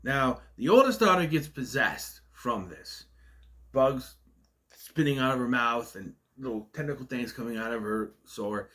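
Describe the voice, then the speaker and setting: Guy ranting about a movie, stutters and stalls on words, casual and nitpicky, normal pitch. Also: lively intonation, measured pace, sharp tone. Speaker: movie reviewer. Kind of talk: casual spoken film review.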